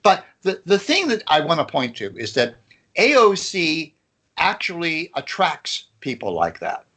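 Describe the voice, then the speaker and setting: Male co-host, fairly high voice, sardonic, emphatic political riffing. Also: wildly swooping pitch, fairly bright tone. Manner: emphatic, sardonic, drawn-out pauses. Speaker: podcast co-host. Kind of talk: casual political chat.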